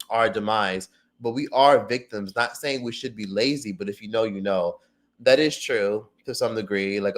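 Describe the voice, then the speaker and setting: A man hosting a casual livestream and reading viewer comments. He is profane and excitable, with loud outbursts that drop to low mutters. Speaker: livestream host.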